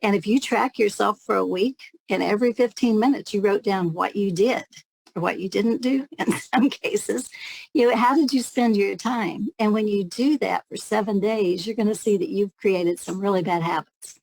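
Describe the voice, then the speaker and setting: A woman's voice: medium pitch, moderate pace, gravelly, darkish tone, dry recording, rough recording. A woman telling a candid, reflective story as an interview guest, now and then laughing lightly. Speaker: guest, network marketing leader.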